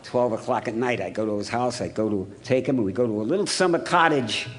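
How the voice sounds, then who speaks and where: A man from Ohio telling his recovery story to a meeting, blunt and gruff, swearing freely as he acts out the scenes. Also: medium pitch, fast. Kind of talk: storytelling talk to an audience.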